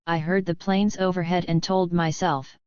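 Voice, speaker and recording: A woman reads first-person testimony aloud in a slow, grave, steady audiobook style. Her voice sits low and sounds smooth and clear. The recording is dry and slightly dull, with a lo-fi edge. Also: no room sound. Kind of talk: measured audiobook reading.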